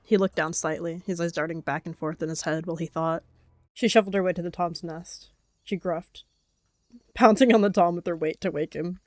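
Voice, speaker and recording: A woman calmly narrating a game role-play as a story. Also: fairly low pitch, moderate pace, dry recording, clean studio sound.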